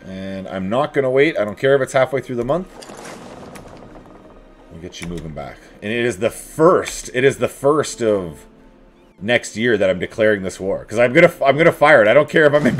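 A man talks his way through a strategy campaign, his voice rising and falling in lively swings. He chats to his troops and enemies with playful asides. Soft music hums faintly underneath. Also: fairly low pitch. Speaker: let's play host. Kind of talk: casual strategy game commentary.

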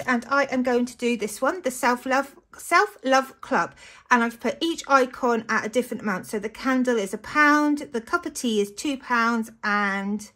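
A British woman in a casual budgeting vlog, chatty and gushing, often breaking into excited exclamations. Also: fairly high pitch. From United Kingdom. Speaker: budgeting vlogger. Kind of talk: casual chat to camera.

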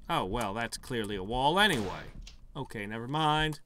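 A man's voice: mid-range voice, lively intonation, normal speed, bright, forceful tone, a little hiss or hum. A man giving casual let's play commentary with wry, joking asides. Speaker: gaming video host.

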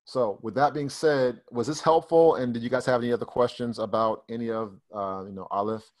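Relaxed man teaching over a video call. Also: medium pitch, brisk. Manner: conversational, loose, repeats and restarts while explaining. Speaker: Bible Hebrew teacher. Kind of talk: casual online study session. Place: online fellowship call.

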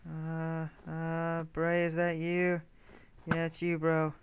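A man's voice: a little high, monotone, slow pace, clear, resonant tone, no room sound. A young man chatting casually while gaming, mostly mumbly and wry, with sudden laughing outbursts. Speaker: gamer. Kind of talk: casual gameplay chat.

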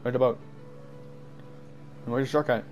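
A man giving jumpy, excited commentary while playing a game, easily startled and laughing at himself. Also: mid-range voice, a little slow, soft background music. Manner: jumpy, screams and laughs at scares, self-mocking. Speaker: gamer.

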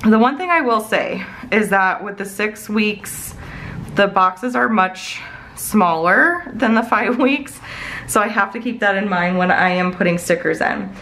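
A woman's voice: mid-range voice, animated, measured pace, sharp tone, slight background noise, low-quality recording. A woman in her thirties chatting casually in her home office while planning, rambling with many fillers. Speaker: planner vlogger. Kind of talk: casual chatty plan-with-me talk.

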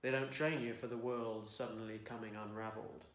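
At home in an echoey room, a man reads his own fiction aloud, audiobook style, in a dry, wry storytelling manner, belting out the shouted lines of dialogue. His voice sits on the low side with fairly even intonation and a fairly quick pace.

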